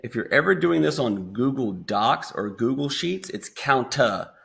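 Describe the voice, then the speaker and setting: A man with an American accent casually talking students through a screen-recorded software tutorial step by step. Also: mid-range voice, very animated, a little slow, gravelly. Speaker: instructor.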